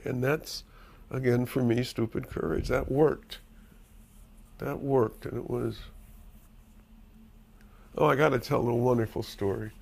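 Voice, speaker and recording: An older man with a gravelly, creaky voice tells stories candidly in an interview. He is animated and emphatic and swears freely. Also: medium pitch. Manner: animated storyteller, profane and emphatic. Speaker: screenwriter being interviewed.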